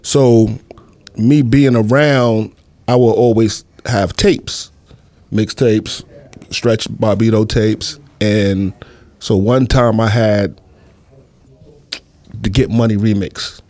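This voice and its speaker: A man's voice: lowish voice, fairly even intonation, takes it slowly, pauses often, darkish tone, no room sound. A middle-aged man from New City, telling stories in a casual interview, rambling and leaning on fillers. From New York City. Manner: laid-back, rambling, many fillers. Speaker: guest.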